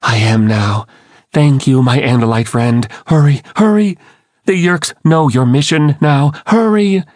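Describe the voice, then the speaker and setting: A man's voice: mid-range voice, steady tone, a little slow, a little mellow, dry recording, clean studio sound, close to an everyday voice. A man voicing a grateful male alien creature who urgently pleads for haste, in an audiobook. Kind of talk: audiobook character voice.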